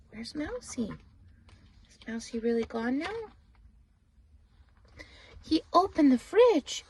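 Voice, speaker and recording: Grandmother reading a picture book slowly. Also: high voice, breathy edge. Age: older. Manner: slow, animated, with whispered asides to a child. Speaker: storybook reader.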